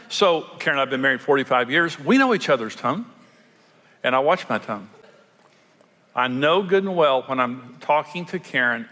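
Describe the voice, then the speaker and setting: A man's voice: mid-range voice, bright, forceful tone. An older man preaching a sermon as a pastor, telling folksy stories and acting out quoted lines. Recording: long hall reverb.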